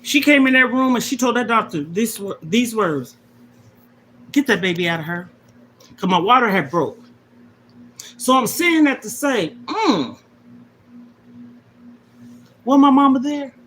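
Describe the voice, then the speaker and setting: Fairly high and a bit bright, this woman's voice swings widely in pitch at a measured pace, pausing often over slight background noise. She's a middle-aged livestream host telling viewers about her life with emotion and emphasis, driving home key points like a preacher.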